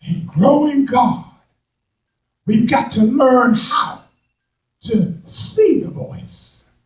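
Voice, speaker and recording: A man preaching a sermon to a responding congregation, building from slow talk into impassioned shouts with folksy turns of phrase. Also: extremely high pitch. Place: church sanctuary. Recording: echoey hall, voice from a distance.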